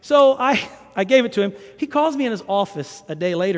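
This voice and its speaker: A man preaching a conversational sermon, an animated storyteller who makes chatty asides to the congregation. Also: sits high, fairly quick. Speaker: pastor. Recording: long hall reverb.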